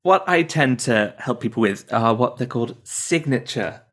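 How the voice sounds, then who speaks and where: A man's voice: mid-range voice, lively intonation, moderate pace, fairly bright tone. A man working as an accent coach, patiently explaining sounds step by step in casual talk. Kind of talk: casual teaching chat.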